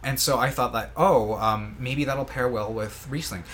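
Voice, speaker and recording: A man's voice: mid-range voice, moderate pace, fairly bright tone. A man chatting casually as a podcast guest, rambling with many fillers and restarts as he describes things. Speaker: sommelier guest.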